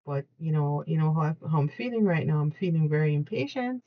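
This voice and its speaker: A woman with a fairly low voice talks through a craft demonstration at her home desk, chatty and excitable. She laughs often and restarts her sentences as she works, and the recording sounds a little dull. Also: brisk. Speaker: craft tutorial host. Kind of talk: casual hands-on tutorial.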